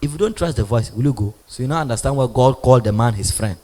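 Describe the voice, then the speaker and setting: A man preaching a sermon, animated, swinging from loud bursts to near whispers. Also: medium pitch, quick pace, hardly any pauses. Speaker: prophet preaching. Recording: long hall reverb.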